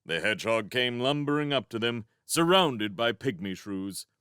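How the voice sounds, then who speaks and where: A man reading a children's fantasy novel aloud as narrator, in an expressive storybook style. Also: medium pitch, moderate pace, smooth, dry recording, clean studio sound. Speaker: fan audiobook reader.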